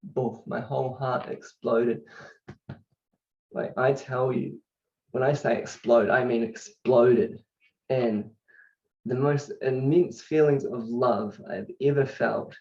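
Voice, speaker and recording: Gravelly man, fervent rambling testimony. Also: mid-range voice, a little mellow. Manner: fervent, rambling with restarts and bursts of laughter. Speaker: channel host sharing his story. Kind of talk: personal testimony to camera. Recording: distant mic, dull lo-fi sound.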